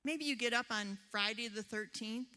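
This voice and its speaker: A woman's voice: a little high, moderate pace, bright, forceful tone. A woman therapist giving a seminar talk to a live audience, telling chatty stories and asking the room questions. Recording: long hall reverb.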